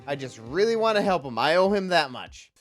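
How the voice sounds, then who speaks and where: An earnest young male defense lawyer sounds a bit nervous, as a woman streamer reads him in her own voice. Her tone is lowish and lively. Faint music plays behind. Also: brisk.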